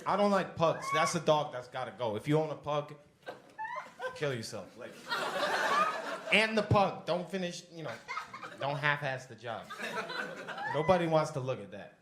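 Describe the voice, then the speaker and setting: A man's voice: fairly high pitch, normal speed, pauses often, echoey room, background noise. A man doing stand-up comedy with crowd work in a comedy club, brash and profane, with audience laughter behind him. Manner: brash, profane, animated delivery.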